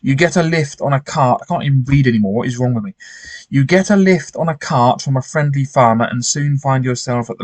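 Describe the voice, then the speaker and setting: A man's voice: medium pitch, dry recording. A man reading a gamebook aloud with commentary, often stumbling and restarting his sentences. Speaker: gamebook player.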